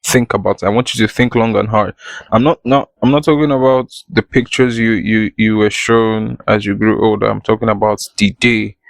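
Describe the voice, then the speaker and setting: A man's voice: on the low side, fairly even intonation, moderate pace, creaky, no room sound, low-quality recording. A man hosting his own podcast, talking straight to the listener in a playful, conversational way. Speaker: podcast host. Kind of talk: solo podcast monologue.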